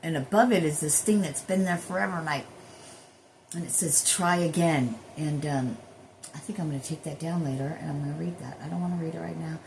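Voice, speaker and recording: A woman's voice: deep voice, brisk, creaky, a little mellow, slight background noise. A woman who works as a spiritual healer, rambling in a casual spiritual monologue with drifting, profane asides.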